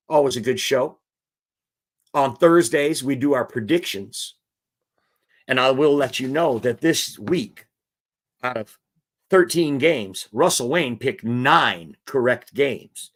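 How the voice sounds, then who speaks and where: A man hosting a live-stream football show, chatting and reading out viewer comments. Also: mid-range voice.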